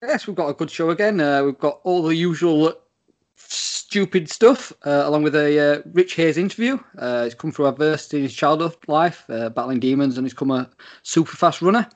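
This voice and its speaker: A man's voice: a little high, animated, normal speed. A British man co-hosting a casual podcast, friendly and rambling, with many fillers. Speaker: podcast co-host.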